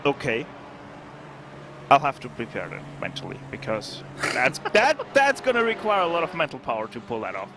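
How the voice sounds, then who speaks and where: A man's voice: medium pitch, huge pitch swings, moderate pace. A man with an ordinary mid-range voice co-commentates a live sim race. He reads out poll figures and race gaps plainly and matter-of-factly. Background noise runs under his voice. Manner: matter-of-fact, gives data and updates.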